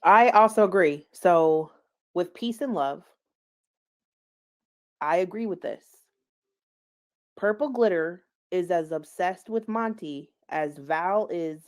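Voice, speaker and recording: A woman's voice: lowish voice, a little mellow. A woman giving casual, gossipy commentary on online drama. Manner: chatty, gossipy, laughs at own stumbles. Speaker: commentary streamer.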